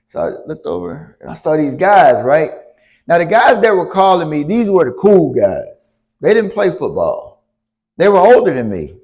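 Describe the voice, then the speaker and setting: A man telling a story to a church youth group, animated, stopping to ask the audience questions. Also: on the high side, normal speed. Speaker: youth speaker.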